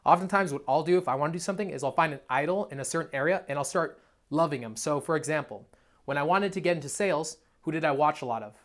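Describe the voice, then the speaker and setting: A man's voice: fairly high pitch, fast talker. A young man, a dating coach, giving a blunt, profane, emphatic motivational monologue. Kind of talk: motivational self-help monologue.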